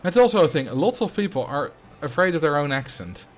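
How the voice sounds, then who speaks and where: A man's voice: fairly high pitch, sing-song, fairly quick. Musing Dutch-accented man on a livestream. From Netherlands. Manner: musing, conversational, thinking aloud. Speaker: streamer. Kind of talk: casual livestream chat.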